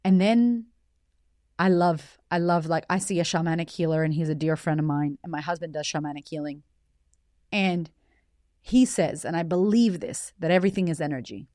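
A woman's voice: low voice, normal speed, dark tone, no echo, studio quality. A woman hosting her own show, telling a personal story in a raw, emotional way with plenty of swearing. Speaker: podcast host.

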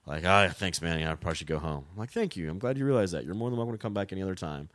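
A man in his thirties tells bar stories in a laid-back way, laughing as he goes. His voice sits very low and sounds dry and close. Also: lively intonation, very fast, a bit bright, dry recording. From Texas. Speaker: bartender, podcast guest. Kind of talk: casual storytelling chat.

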